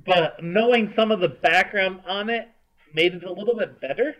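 Laid-back podcast guy, bit higher voice, explaining stuff casually. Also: moderate pace, lo-fi sound. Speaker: podcast co-host. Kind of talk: casual chat.

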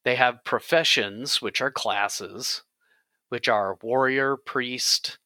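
A podcast host with a mid-range voice talks slowly about tabletop games, his tone pushed and bright. He's casual and jokey while explaining the rules at length, and the recording has no room sound.

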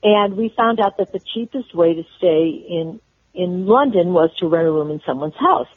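An older woman from Chicago, a guest telling personal stories in an interview, with halting restarts. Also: on the low side, lively intonation, husky, dry recording. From Chicago, USA. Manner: warm storyteller, halting restarts. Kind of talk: storytelling interview. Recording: tinny phone-line audio.

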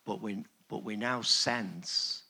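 Church congregation man, earnest and affirming, low-pitched, bright edge. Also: steady tone, slow pace, breathy edge. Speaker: congregation member. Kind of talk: group discussion.

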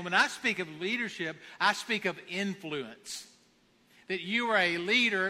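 A man's voice: high-pitched, pushed and bright, long reverb tail. A man preaching a conversational sermon, acting out quoted lines as he goes.

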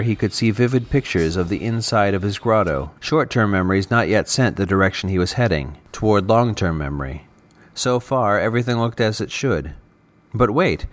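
A man reading a serialized fiction story aloud, narrating in a measured, even way. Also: on the low side. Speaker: podcast narrator.

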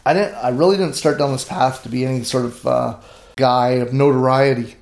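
A middle-aged grain farmer with a creaky, darkish, mid-range voice speaks a little fast in a steady tone. Recorded in an echoey room, he tells stories in an interview with earnest emphasis, often going back to restart sentences.

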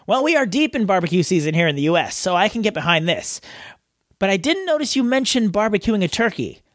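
A man's voice: sits high, big pitch swings, quick pace, a bit bright, no room sound, clean studio sound. A man from California hosting a podcast, chatting playfully with his co-host. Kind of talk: casual podcast banter.

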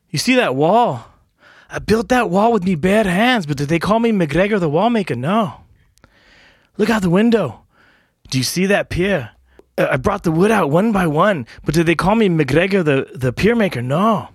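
A man's voice: high voice, lively intonation, moderate pace, slightly rough, dry recording, studio quality, voice pushed up. A man putting on a sad Irish barkeeper. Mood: aggrieved. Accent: Irish (put on). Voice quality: proud, rhetorical complaining. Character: sad boastful Irish man, a bar owner.

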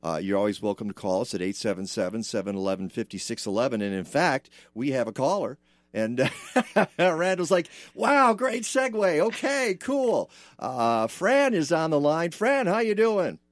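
A man's voice: medium pitch, animated, a little fast, no room sound. A man hosting a radio show from a studio, chatting casually and rambling, with plenty of filler.

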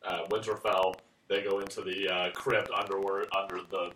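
A man co-hosting a podcast, dropping quick jokes into a casual chat. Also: sits low, flat delivery, fairly bright tone. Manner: quick, joking interjections. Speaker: podcast co-host. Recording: echoey room, mic at a distance, faint hiss.

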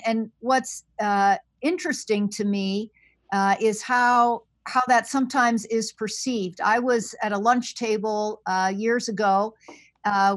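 A woman scholar, soft-spoken and thoughtful, speaking as a guest on a podcast interview over a remote line with frequent fillers. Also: medium pitch, no room sound. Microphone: remote call line.

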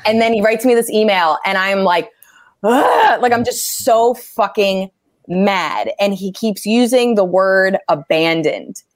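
A woman comedian talking casually about writing jokes, animated and swearing freely as she acts out angry quotes. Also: medium pitch, unhurried, no room sound, studio quality. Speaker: stand-up comedian. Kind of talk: casual interview talk.

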